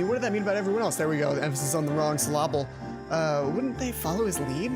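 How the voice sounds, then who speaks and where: A man's voice: a little high, lively intonation, fast talker, over music. Man reading a game aloud, stumbling. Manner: stumbling self-interrupting asides, restarts. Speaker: let's play host.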